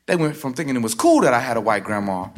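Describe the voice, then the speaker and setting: A man performing a personal story live on stage, with a rhythmic, theatrical delivery that swings sharply in pitch and loudness. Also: sing-song, fast, a little hiss or hum. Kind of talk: live spoken-word storytelling. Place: stage before a live audience. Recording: live stage recording with music bed underneath.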